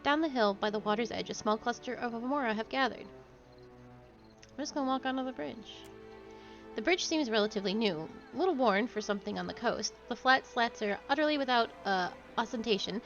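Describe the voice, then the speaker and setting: A woman's voice: on the high side, fast, few pauses, lo-fi sound, faint music behind. A young woman streaming a role-playing game, reading its text aloud in a casual way with giggly asides. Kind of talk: casual gameplay narration.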